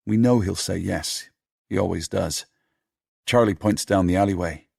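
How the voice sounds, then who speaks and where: A man narrating an audiobook in a steady, measured storytelling manner. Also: deep voice, creaky, husky, dry recording, clean studio sound.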